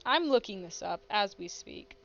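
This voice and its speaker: A woman streaming a game, chatting casually and excitably, laughing and sighing as she reacts, on dull lo-fi audio. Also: medium pitch, moderate pace, gravelly. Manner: excitable, laughs and sighs between lines.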